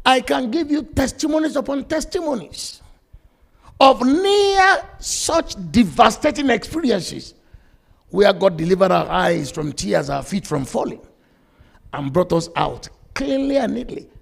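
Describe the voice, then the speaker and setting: A man's voice: very high-pitched, sing-song, a little slow, vocal fry. A male pastor, giving an emphatic sermon and quoting scripture. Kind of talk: sermon with testimony.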